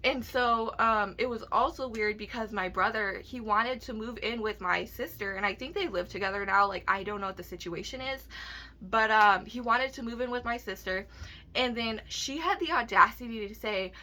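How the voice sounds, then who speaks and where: A woman's voice: on the high side, normal speed, pushed and bright. A young woman telling a personal story in a rambling, profane vlog rant full of "like". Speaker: vlogger.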